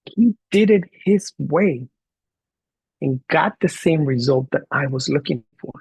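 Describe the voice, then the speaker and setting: A man teaching a class, telling a story in an animated way and acting out the dialogue. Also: fairly high pitch, unhurried, gravelly, husky, dry recording. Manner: animated, acts out quoted dialogue. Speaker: college instructor. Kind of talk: storytelling lecture to students.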